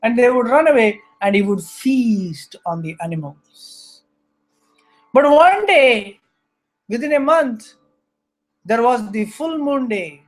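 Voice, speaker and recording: A man teaching a scripture lesson, telling animated stories and acting out the characters in them. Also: very high voice, slow, long pauses. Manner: animated storyteller, acts out characters. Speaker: spiritual teacher.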